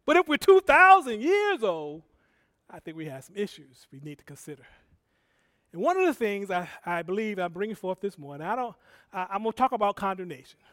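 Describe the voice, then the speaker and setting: A man delivers a sermon in a high voice, drifting between quiet, wandering asides and loud exhortations to the congregation. He corrects himself often and talks like he is chatting with them. The sound is close and dry. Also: big pitch swings, fast, no echo. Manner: conversational and rambling, with self-corrections and laughs. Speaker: preacher.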